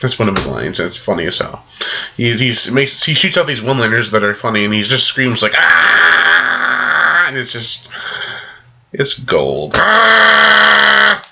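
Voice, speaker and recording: A man's voice: lowish voice, big pitch swings, normal speed, background noise. A man casually reviewing a movie, rambling in a loose, jokey way. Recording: dull lo-fi recording.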